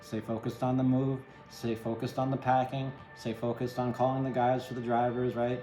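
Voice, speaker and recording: A man's voice: medium pitch, level tone, normal speed, mellow, echoey room, soft background music, rough recording. A man giving a casual tarot reading, chatty and empathetic, rambling and checking in with the listener often. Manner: chatty, empathetic, rambling with many "right?" tags. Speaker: tarot reader.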